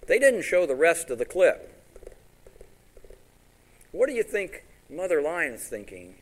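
Animated preacher delivering a sermon. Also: male voice, fairly high pitch, takes it slowly, poor audio. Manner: animated storytelling, with rhetorical questions to the congregation.

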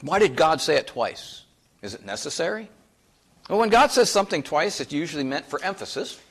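A man preaches to his congregation in a homey, conversational style, often asking them questions. His voice sits a little high and swoops up and down with lively emphasis. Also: a little fast. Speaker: pastor. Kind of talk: sermon.

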